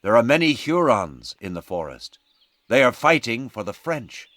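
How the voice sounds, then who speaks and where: Calm, watchful male scout with a lively, rising and falling voice, read by a man. Unhurried and low-key, in a dry, close sound. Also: dry recording. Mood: warning.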